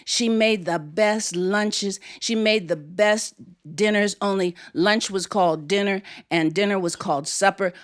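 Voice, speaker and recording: Slow, playful woman storyteller on stage. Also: mid-range voice. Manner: expressive, playful storytelling with a lot of humor. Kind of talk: live storytelling to an audience. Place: stage before a live audience.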